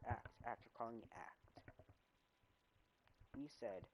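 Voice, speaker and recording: A young man streaming casually, rambling with many fillers, his volume swinging loud and soft. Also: medium pitch, slow pace, rough recording. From United States. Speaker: railfan streamer. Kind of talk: casual gameplay stream chat. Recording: loud music behind.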